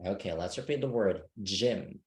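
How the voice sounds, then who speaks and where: A man's voice: fairly low pitch, lively intonation, slow, a little mellow. A man teaching an online English speaking class, patient and checking that students understand.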